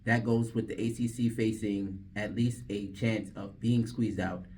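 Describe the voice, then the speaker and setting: A young man with a fairly low, dark voice reads news in a campus radio booth, speaking a little slowly with fairly even intonation. Between takes he makes slangy, self-mocking jokes to camera for his vlog. The mic is distant, and there's a little hiss or hum.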